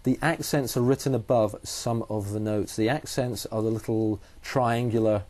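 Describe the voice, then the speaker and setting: A man's voice: on the low side, steady tone, moderate pace, a little mellow. A man, a guitar teacher explaining technique patiently and methodically, often repeating key phrases.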